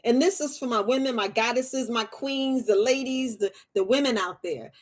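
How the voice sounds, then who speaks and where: Woman, herbalist host, casual live-stream chat, fairly high voice, frequent laughter. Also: normal speed, few pauses, a little hiss or hum. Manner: chatty, laughs often, repeats phrases.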